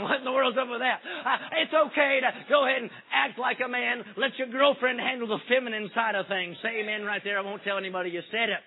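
A man preaching a sermon to a young crowd, in rhythmic waves with shouted refrains. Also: high-pitched, breathy edge. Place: church hall before a youth crowd. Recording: tinny phone-like live recording.

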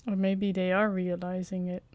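A woman's voice: on the low side, level tone, normal speed, a little mellow, dry recording. A woman playing a game and commenting as she goes, muttering to herself and getting jumpy at the tense parts. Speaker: gaming channel host. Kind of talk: let's play commentary.

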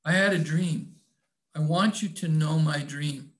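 A man voicing a tender, tearful young woman in love, speaking softly and dropping in French endearments. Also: a little high, measured pace, natural voice.

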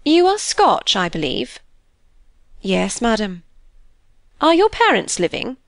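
A woman's voice: fairly high pitch, big pitch swings, takes it slowly, creaky, no room sound, exaggerated voice. A woman voicing a fussy, complaining older aristocratic mother in an audiobook, speaking in an injured, fretful tone. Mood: prying.

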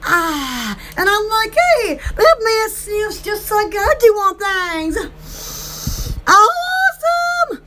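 A woman's voice: very high-pitched, very animated, takes it slowly, hardly any pauses. A woman, chatting in a rambling, bubbly way as an online shop host, often breaking into giggles. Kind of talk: casual rambling chat.

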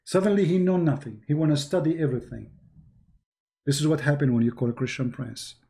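A man with an Arabic accent, a native Arabic speaker from the Middle East, hosting a livestream and telling stories in a mocking, animated way. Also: fairly high pitch, fairly quick, creaky. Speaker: host. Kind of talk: livestream commentary.

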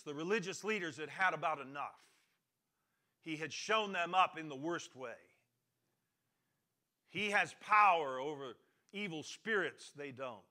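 A man preaching a sermon as pastor, swinging from loud, emphatic lines to quiet, low passages and repeating his key phrases.

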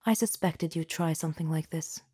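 A woman's voice: deep voice, brisk, dark tone, breathy edge, no room sound, clean studio sound. A woman voicing a livid, wealthy middle-aged father who speaks in an accusing manner. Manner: accusing, cold.

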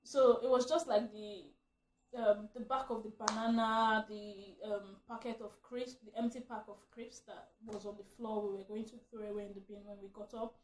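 A woman's voice: mid-range voice, level tone, moderate pace, reverberant, a little hiss or hum. A young adult woman vlogger telling a story in a casual, chatty way, breaking into laughter often.

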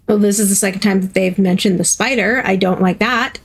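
A woman's voice: medium pitch, steady tone, fairly quick, creaky, few pauses, slightly rough. A woman hosting a gaming video, giving chatty let's-play commentary and playfully reacting to herself as she plays.

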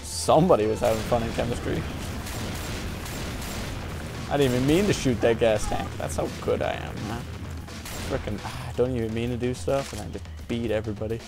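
A man's voice: medium pitch, brisk, pauses often. A man giving casual let's-play commentary while gaming, joking and trash-talking as he plays. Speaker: gameplay commentator. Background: game music and gunfire.

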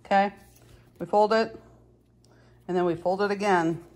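In a mid-range, darkish voice with a steady tone and no rush, a middle-aged cross-stitch vlogger walks through stitching techniques at home. Her casual tutorial is chatty, and she jokes about herself as she goes.

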